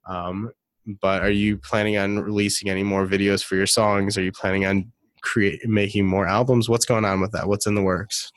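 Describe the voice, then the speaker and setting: Chatty male host with a lowish voice. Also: little pitch movement, normal speed, dry recording. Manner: chatty, with repeated restarts. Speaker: interview host. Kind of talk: casual interview.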